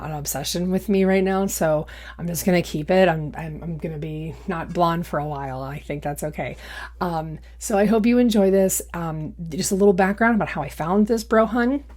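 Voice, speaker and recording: A woman's voice: on the low side, darkish tone. A young woman doing casual reaction commentary in a sarcastic, mocking way. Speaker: YouTube commentator.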